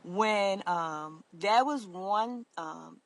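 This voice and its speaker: A woman telling her own story to camera, earnest and halting, with many fillers and restarts. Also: mid-range voice. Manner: earnest, emotional confiding. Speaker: vlogger.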